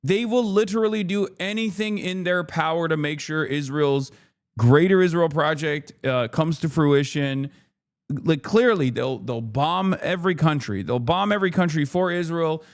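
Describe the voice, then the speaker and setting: A man's voice: a little high, moderate pace. A man hosting a livestream, ranting in frustrated, profane political commentary. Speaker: livestream host.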